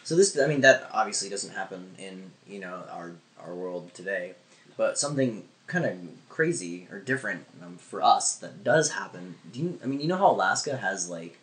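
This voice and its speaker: A man co-hosting a casual podcast, tossing in playful jokes and quick reactions. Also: sits low, expressive, fairly bright tone, far from the mic. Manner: playful, jokey interjections. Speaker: podcast co-host. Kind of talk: casual chat.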